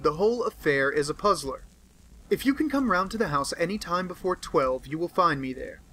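Formal police inspector read by a man, measured, bright tone. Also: fairly high pitch, low-quality recording. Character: formal male police inspector writing a letter.

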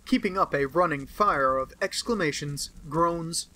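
A man reading a classic detective novel aloud as an audiobook narrator, in measured storytelling. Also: on the high side, sharp tone, poor audio. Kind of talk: scripted narration.

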